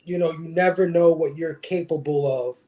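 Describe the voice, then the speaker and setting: A man's voice: on the high side, fairly even intonation, moderate pace, mellow. A man hosting a casual movie review podcast, talking in an easygoing, rambling way. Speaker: podcast host.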